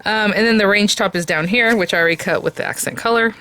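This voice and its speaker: A woman's voice: mid-range voice, fast talker, fairly bright tone, clear, resonant tone. A woman hosting a papercraft tutorial, explaining each step as she cuts and checking in with the viewer often, in an enthusiastic and chatty way. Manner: chatty, talks while cutting, checks in with "okay?" and "right?"; enthusiastic, easily delighted. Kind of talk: casual step-by-step craft demonstration.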